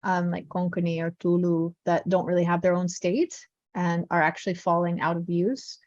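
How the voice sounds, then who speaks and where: A woman's voice: lowish voice, flat delivery, moderate pace, a little mellow, dry recording. Friendly female tutor, casual and chatty, muffled dry call audio. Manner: chatty, upbeat, many fillers. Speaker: Malayalam teacher. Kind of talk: casual online lesson talk.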